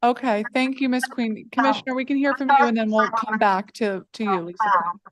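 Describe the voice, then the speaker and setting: A woman runs a public hearing, calling witnesses politely and briskly. Her voice sits a little high. The sound is dry and close. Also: steady tone, a bit bright, no room sound. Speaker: hearing chair.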